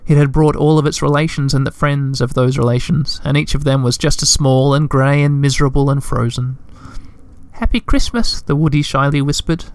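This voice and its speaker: A man reading a children's storybook aloud in a gentle, measured way. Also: mid-range voice, flat delivery, dry recording. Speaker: narrator.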